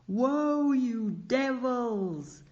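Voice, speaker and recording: Man voicing a male cart driver, panicky, loud high cries, gravelly. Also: expressive, takes it slowly, full character voice. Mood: alarmed. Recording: dull lo-fi recording.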